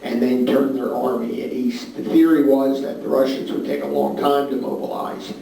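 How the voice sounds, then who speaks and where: Gravelly man lecturing in an echoey room. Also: mid-range voice, level tone, moderate pace, warm tone. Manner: conversational, many "uh" fillers, points at a map. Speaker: history lecturer. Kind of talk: classroom lecture. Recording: far-off mic in an echoey room with faint noise.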